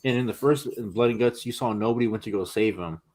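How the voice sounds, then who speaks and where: A man co-hosts a wrestling podcast, talking fast in a lowish voice. His chat is casual, excitable, and rambling, packed with fillers.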